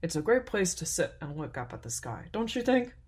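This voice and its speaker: A woman voicing a loving father who comforts his child gently. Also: lowish voice, very animated, fairly quick, slightly rough. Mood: gentle. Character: loving father, warm and reassuring.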